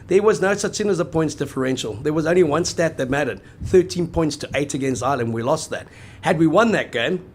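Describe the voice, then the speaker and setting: A man's voice: a little high, animated, a little fast. A man co-hosting a casual sports chat, arguing at length in an emphatic, analytical way. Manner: emphatic, analytical, long flowing arguments. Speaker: podcast co-host.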